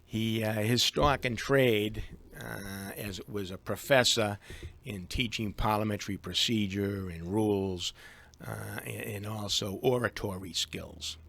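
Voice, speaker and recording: A man with a Boston accent, a guest on a live radio interview, speaking haltingly with many fillers and restarts. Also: fairly low pitch, creaky, fairly bright tone. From Boston, USA. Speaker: guest, attorney.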